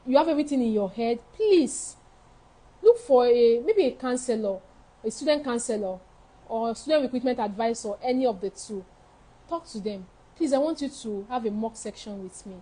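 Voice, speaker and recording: A woman's voice: fairly high pitch, lively intonation, normal speed, mellow, husky, rough recording. A woman giving frank, emphatic advice as a study-abroad counselor in a live session, repeating her key points. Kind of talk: live advice session answering viewer questions.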